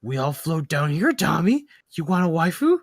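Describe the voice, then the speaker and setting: Guy doing a creepy clown monster voice, slow and coaxing, kinda sing-song, dry sound. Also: a little high, sing-song, no echo. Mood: luring. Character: creepy taunting male clown monster luring victims. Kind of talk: comedic impression in podcast banter.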